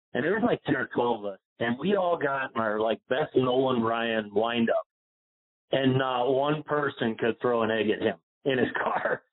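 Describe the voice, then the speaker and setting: A man from Pennsylvania, a golf instructor telling a long personal story in an interview, rambling with many fillers and getting choked up. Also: medium pitch. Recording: phone-like line.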